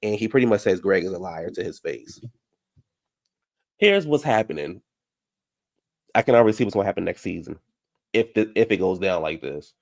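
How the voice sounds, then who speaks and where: A man with a deep, gravelly voice speaks at normal speed, animated but with long pauses. He's hosting a casual live reality-show recap, ranting heatedly, answering viewer comments, and addressing the cast directly.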